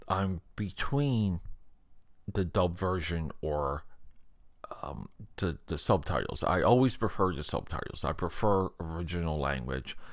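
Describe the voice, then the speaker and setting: A man's voice: deep voice, fairly bright tone, no echo, studio quality. A man hosting a podcast, reviewing a film in a casual, rambling way and often repeating words.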